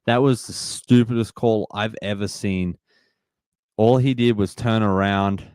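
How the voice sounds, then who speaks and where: Low-voiced man reacting to a game. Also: steady tone, unhurried, darkish tone, clean tone, no room sound, studio quality. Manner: frustrated, reacts to plays and reads chat aloud. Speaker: livestream host. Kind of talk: live sports watch-along commentary.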